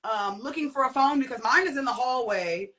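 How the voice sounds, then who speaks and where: Speaking fairly quickly in a pushed, bright voice, a young adult woman shares her personal testimony as a guest. She tells the story vividly, acting out quoted voices with big jumps in pitch.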